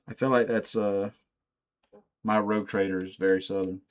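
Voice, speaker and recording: A man's voice: lowish voice, little pitch movement, moderate pace, long pauses. A man casually chatting while he assembles miniatures. He is laid-back and profane and laughs often. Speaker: channel host.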